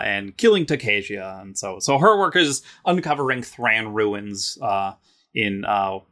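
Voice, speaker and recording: This man's mid-range voice is bright and forceful as he co-hosts a podcast in casual conversation. He rambles, full of fillers and restarts, tossing out playful jokes and laughing frequently with jokey asides.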